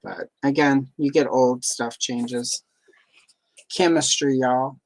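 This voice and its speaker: A woman's voice: a bass voice, steady tone, takes it slowly, rough recording. A woman from the Southern United States who has no accent, chatting casually and rambling as a livestream host. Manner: chatty, rambling, many fillers. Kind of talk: casual chat.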